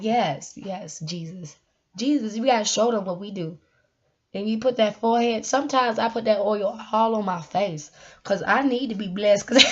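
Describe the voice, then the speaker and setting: A woman vlogger talking casually to her viewers about faith, animated and laughing, sometimes breaking into song. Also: on the high side, normal speed, lo-fi sound. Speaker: vlogger giving spiritual encouragement. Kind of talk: casual faith talk to camera.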